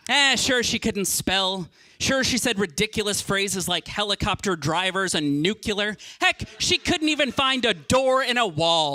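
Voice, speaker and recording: A man doing stand-up with a high, very bright and sharp-edged voice. He tells his stories in an animated way and stutters on repeated words as he builds a bit. The sound is close and dry. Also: unhurried, hardly any pauses, no room sound. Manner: animated storytelling with stammered repeats. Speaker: stand-up comedian. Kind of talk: stand-up comedy set.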